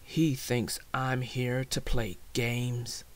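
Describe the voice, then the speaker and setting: A woman voicing a proud, stern male dragon creature who speaks low and coldly. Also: little pitch movement, drawn-out words, heavily acted. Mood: scornful. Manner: low, cold, scornful.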